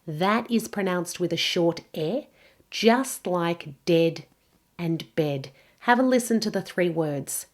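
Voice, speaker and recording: A woman teaching English pronunciation, saying each word slowly and carefully for learners to repeat. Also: lowish voice, lively intonation. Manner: slow, careful modelling of words. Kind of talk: pronunciation lesson.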